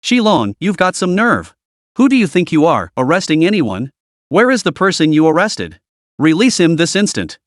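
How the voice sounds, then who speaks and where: A man's voice: a little high, big pitch swings, moderate pace, no room sound, studio quality. A man voicing angry air force commanders barking threats at a security chief. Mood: furious.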